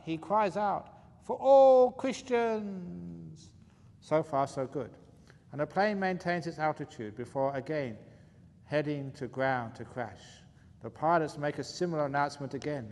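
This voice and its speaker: A man, a meditation teacher, telling jokes in a playful way during a retreat question-and-answer session and chuckling at his own jokes. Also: fairly high pitch. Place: retreat hall. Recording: faint hall reverb, light room noise.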